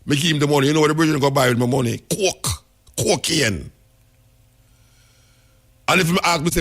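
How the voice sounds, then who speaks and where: A man's voice: on the high side, brisk, long pauses, a bit bright. A man with a Jamaican accent, hosting a talk radio show and telling stories in patois. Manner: storytelling in Jamaican patois, emphatic. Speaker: radio host.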